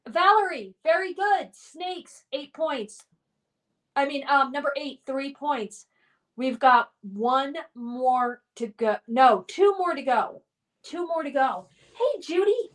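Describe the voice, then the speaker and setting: High-voiced woman hosting a slow live stream. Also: fairly bright tone, far from the mic. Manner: reads viewer comments aloud, cheerful and encouraging.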